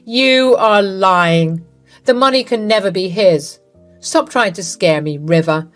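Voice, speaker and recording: A woman's voice: medium pitch, takes it slowly, faint music behind, natural voice. A woman voicing a scheming older mother-in-law in a narrated story, indignant and pushy. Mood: defiant.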